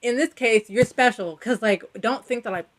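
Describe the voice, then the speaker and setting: A young woman co-hosting a podcast, chiming in with quick jokes in casual chat. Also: fairly high pitch, rough recording. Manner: joking, chimes in with quips. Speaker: podcast co-host.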